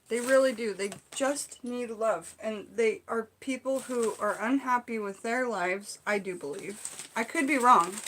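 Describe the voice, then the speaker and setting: A woman vlogger from the Seattle area chatting to her viewers as she opens gifts, gushing, excited and full of fillers. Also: fairly high pitch, slight background noise. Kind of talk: casual unboxing chat to viewers.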